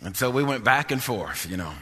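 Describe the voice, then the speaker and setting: A man's voice: medium pitch, very animated, brisk, pushed and bright, big-room sound. A man preaching a testimony sermon with emphatic, repetitive phrasing that builds to sung-out peaks.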